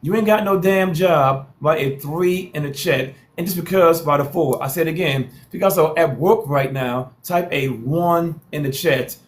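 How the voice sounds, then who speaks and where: A man's voice: fairly high pitch, normal speed, hardly any pauses. Hyped man hosting a live stream. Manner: repetitive hype calls, playful trash talk. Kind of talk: TikTok live hosting, hyping viewers.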